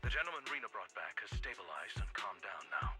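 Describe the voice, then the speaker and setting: A courteous, measured butler. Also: male voice, fairly low pitch, sing-song, sharp tone, soft background music, full character voice. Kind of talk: game voice acting.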